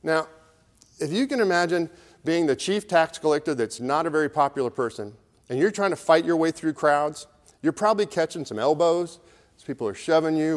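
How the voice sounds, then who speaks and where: A man's voice: a little high, expressive, brisk. Man preaching a conversational sermon. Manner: conversational, storytelling preaching with acted crowd voices. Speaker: pastor. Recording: long hall reverb.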